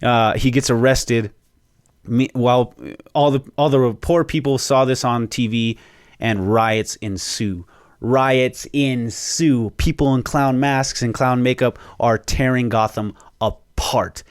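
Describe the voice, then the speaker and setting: A young man hosting a podcast, excitedly retelling a movie's plot in a rambling, profane way. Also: medium pitch, slow, clear, resonant tone, no echo, clean studio sound. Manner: excited storytelling with frequent swearing; rambling, with fillers and restarts. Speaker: podcast host. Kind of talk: casual movie spoiler recap.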